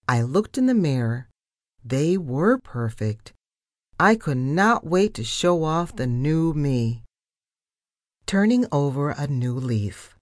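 A woman reading a children's storybook aloud with deliberate, expressive narration. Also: deep voice, no echo, clean studio sound. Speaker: storybook reader. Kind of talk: children's book read-aloud.

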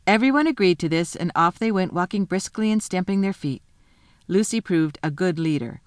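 A woman reading a children's novel aloud in a lively, expressive storytelling manner. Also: lowish voice, normal speed, dry recording, studio quality. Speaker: reader.

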